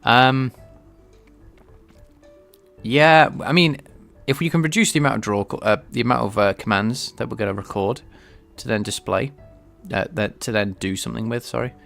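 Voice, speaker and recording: A man livestreaming game development, thinking aloud in a halting way with many restarts. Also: mid-range voice, creaky, a bit bright, faint music behind. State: sneezing, a bit stuffy. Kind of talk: casual livestream coding talk.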